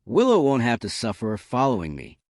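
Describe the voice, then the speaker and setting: A man's voice: mid-range voice, wildly swooping pitch, fairly quick, a little mellow, no echo, studio quality. A man voicing a smug, provocative young man in an audio story. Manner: sneering.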